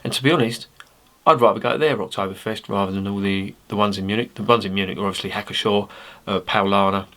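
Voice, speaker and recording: A man's voice: fairly low pitch, fairly even intonation, quick pace, bright, forceful tone. A man, reviewing a beer in a chatty, rambling way with jokey asides. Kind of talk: casual beer review to camera.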